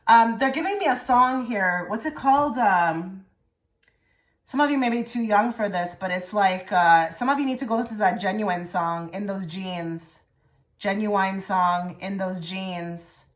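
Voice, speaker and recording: Woman, tarot reader, rambling, repeats herself, drops into soft murmurs. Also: medium pitch. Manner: rambling and repetitive, often trailing into soft murmured phrases. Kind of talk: pick-a-card tarot reading.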